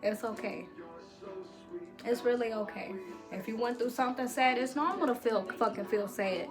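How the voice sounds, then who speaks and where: A woman's voice: on the high side, moderate pace. Profane, reassuring woman vlogger, music behind. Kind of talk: motivational talk to camera.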